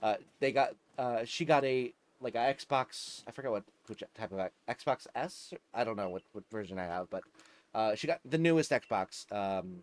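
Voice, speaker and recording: A man's voice: lowish voice, lively intonation, normal speed. A man hosting a casual livestream, chatting with viewers, laughing often and stumbling over his words. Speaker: streamer.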